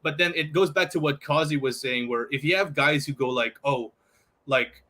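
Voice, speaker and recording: A man co-hosting a casual talk show, joking with quick asides. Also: on the high side, bright, forceful tone. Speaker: co-host. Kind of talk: casual podcast chat.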